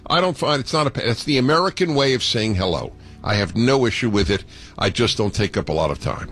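A man's voice: medium pitch, brisk, a bit bright. A man hosting a call-in radio talk show, emphatic and opinionated, with playful mock drama.

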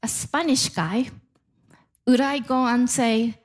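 Slow deadpan woman with a Japanese accent. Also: fairly high pitch. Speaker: stand-up comedian. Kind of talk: stand-up comedy set. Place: comedy club stage before a laughing audience.

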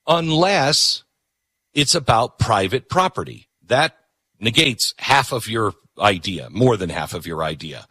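A man's voice: lowish voice, big pitch swings, unhurried, pushed and bright, husky, no room sound, studio quality. A man hosting a talk show, delivering an opinionated, emphatic monologue that repeats words for punch.

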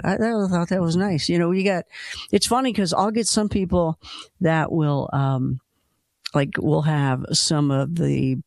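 A man's voice: a little high, creaky, no echo. A man hosting a call-in radio show, chatting casually and rambling with restarts, with a slight Kentucky accent.

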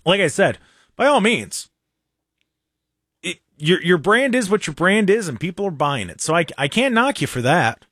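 Animated sarcastic man on talk radio. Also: sits high, moderate pace, breathy edge, no echo, studio quality. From Ohio. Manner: animated, sarcastic, mocking asides. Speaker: radio talk show host. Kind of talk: casual political talk radio.

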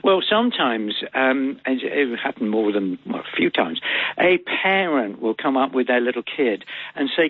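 A man's voice: medium pitch, normal speed, breathy edge, no echo. Older English man on a tinny phone line. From England. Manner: animated, theatrical storyteller. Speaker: guest actor. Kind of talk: phone interview.

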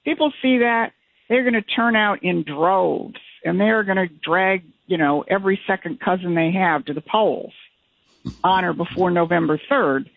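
A man's voice: sits high, normal speed, vocal fry, dry recording. A man from Michigan, a political guest in an interview, speaking emphatically and often restarting his phrases. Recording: tinny phone-like line.

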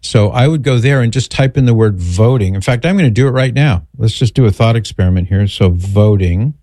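Relaxed low-voiced male radio host. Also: fairly quick, no room sound. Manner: relaxed, joking, explains at length. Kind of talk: call-in radio talk.

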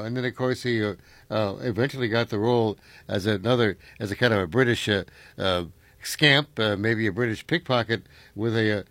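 A man's voice: medium pitch, a bit bright, dry recording. A man hosting a radio show, talking casually with many fillers. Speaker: radio host.

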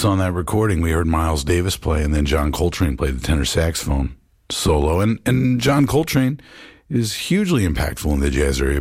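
Deep-voiced man hosting a jazz radio show. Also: darkish tone, husky, dry recording, studio quality. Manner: musing, rambling, with many fillers. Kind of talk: casual radio talk about records.

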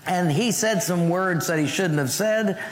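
Preacher, man, higher-pitched, animated storyteller who acts out the voices; recorded in a reverberant hall. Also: a little slow, background noise. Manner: animated storyteller acting out voices, dropping to hushed tones. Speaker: pastor. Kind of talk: sermon with personal story. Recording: long hall reverb, faint ambience.

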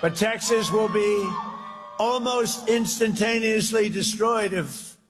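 Rambling high-voiced older man in an echoey hall. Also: slow. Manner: rambling, repetitive, boastful. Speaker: politician giving speeches. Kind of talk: rally speech.

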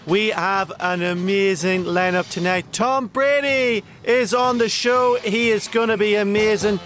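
A man's voice: high voice, a little slow, a bit bright, faint music behind. A man impersonating an overemotional TV chat-show host who keeps choking up while announcing the lineup. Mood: weepy. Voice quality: tearful, breaking into giggles.

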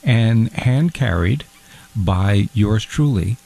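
A man's voice: lowish voice, expressive, takes it slowly, vocal fry, warm tone, exaggerated voice, poor audio. An actor playing a timid, fussy man who stammers and gets his feelings hurt easily. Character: fussy timid man called Fondue Guy. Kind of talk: comedy sketch.

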